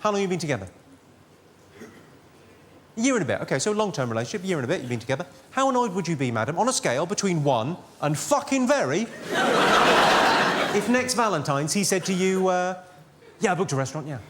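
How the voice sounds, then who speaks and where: A man doing stand-up on stage, delivering deadpan one-liners with a noticeably high voice. Heavy audience laughter rolls in under his jokes on a stage mic. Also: a little fast, long pauses, very noisy. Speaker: stand-up comedian. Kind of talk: stand-up comedy. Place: large theatre with live audience. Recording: loud audience laughter behind.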